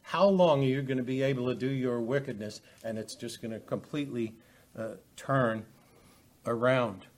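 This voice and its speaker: A man teaching a Bible study, halting often with fillers and restarts as he reads and explains verses. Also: mid-range voice. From United States.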